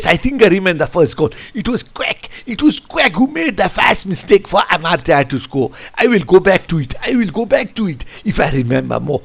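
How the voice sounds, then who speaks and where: A man coaching football, reviewing a match over a tactics board in an animated, rambling way. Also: on the high side, creaky. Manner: animated, rambling, keeps saying "I tell you". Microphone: computer mic. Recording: lo-fi screen recording.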